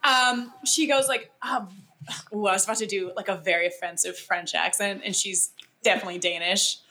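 A young woman co-hosting a casual podcast, chatting about a TV episode. Her tone is bright and forceful, and she talks in an animated way with plenty of fillers. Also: medium pitch, normal speed. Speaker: podcast co-host. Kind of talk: casual chat recapping a TV episode.

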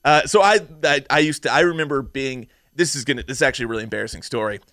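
A young man co-hosting a podcast in casual chat, animated, swearing freely and laughing often. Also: mid-range voice, rapid-fire, no room sound, clean studio sound. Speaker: podcast co-host.

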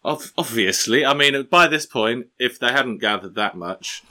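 A man's voice: medium pitch, lively intonation, moderate pace, pushed and bright. A man hosting a podcast, bantering casually and joking at his own expense, recorded on a poor mic. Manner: joking, self-deprecating banter. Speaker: podcast host. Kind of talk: casual chat. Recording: poor mic, slightly distant.

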